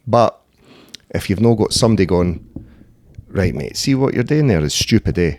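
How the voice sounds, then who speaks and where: Appearing as a podcast guest, this thirty-something Scottish MMA fighter and doorman swears freely and tells blunt stories in a relaxed interview, peppering them with "eh" and "mate." He speaks fairly quickly in a lowish, animated, slightly mellow voice, recorded dry at studio quality.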